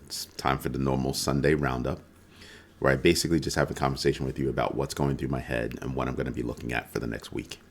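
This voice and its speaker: Man, extremely low voice, casual crypto roundup host, rambling conversational delivery. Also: little pitch movement, fast, breathy edge. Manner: conversational, loose, with frequent ums and self-corrections. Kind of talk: casual weekly market roundup.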